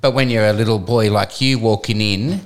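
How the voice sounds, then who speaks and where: Guy with a low voice, dry teasing co-host, quick jokey comments. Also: fairly even intonation. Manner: wry, teasing, jokey asides. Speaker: podcast co-host. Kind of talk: casual chat.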